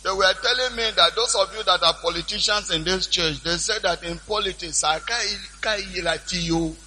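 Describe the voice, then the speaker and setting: High, bright preacher. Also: male voice, normal speed, big-room sound, rough recording. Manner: animated storytelling, repeating lines for emphasis. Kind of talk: sermon.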